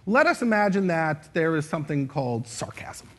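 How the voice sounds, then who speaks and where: Here a man guides a live audience in a playful speaking game, demonstrating how lines can be said in different ways and changing his voice for expression. His pitch is fairly high with big swings, his tone fairly bright, and he moves at a moderate pace.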